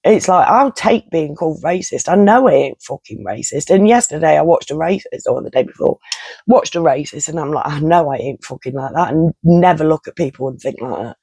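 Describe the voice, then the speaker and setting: Gravelly, heated ranter. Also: mid-range voice, lively intonation, fairly quick, darkish tone, no echo. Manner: heated, swearing, blunt. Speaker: vlogger. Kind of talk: angry ranting monologue to camera.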